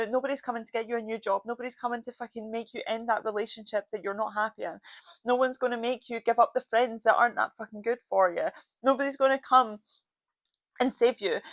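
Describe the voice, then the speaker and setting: A woman's voice: on the high side, no echo, poor audio. A woman in her thirties hosting her own podcast, talking bluntly and swearing freely as she lists things to be grateful for and urges listeners to change their lives. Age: 30s. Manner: blunt, swears freely, repeats phrases for emphasis. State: tearful, voice breaking with emotion. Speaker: podcast host. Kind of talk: motivational solo podcast.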